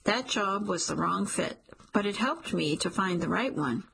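A woman reading the lines of an earnest young man in an audiobook, gently teasing and sincere. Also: medium pitch, expressive, a little slow, vocal fry, a little hiss or hum.

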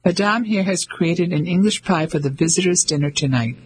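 A man's voice: high voice, a little fast, breathy edge, poor audio. A man voicing an older, good-humoured French shopkeeper in an audiobook. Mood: amused.

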